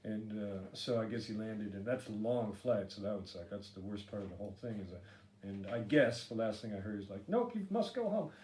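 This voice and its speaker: A man's voice: on the low side, fairly even intonation, brisk, darkish tone. A middle-aged man hosting a solo podcast, rambling with filler words, sarcastic and swearing freely. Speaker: podcast host. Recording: echoey room with faint ambient noise.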